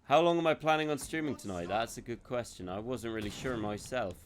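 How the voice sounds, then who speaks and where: A man's voice: medium pitch, lively intonation, brisk, a little hiss or hum. A man streaming a video game, rambling, joking and swearing freely as he plays. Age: adult. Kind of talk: live gameplay commentary.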